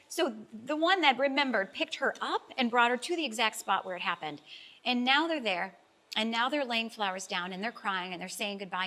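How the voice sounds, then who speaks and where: A woman's voice: fairly high pitch, bright, forceful tone. A middle-aged woman, a life coach guest, telling an emotional personal story in a talk-show interview, earnest and heartfelt and close to tears at times.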